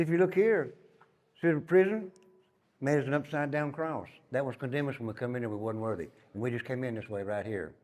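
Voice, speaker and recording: An older man with a Tennessee Southern accent, a former inmate telling stories as he guides a tour through an old prison, emphatic and dropping to a low murmur on his repeated asides. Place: inside an old prison building. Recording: long reverb in hard rooms.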